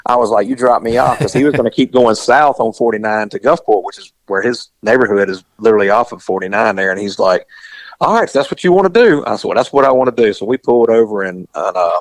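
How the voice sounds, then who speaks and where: A man's voice: on the low side, quick pace, hardly any pauses, dry recording. A man telling a story in casual chat and acting out the dialogue as he goes. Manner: animated, acts out the dialogue in his story.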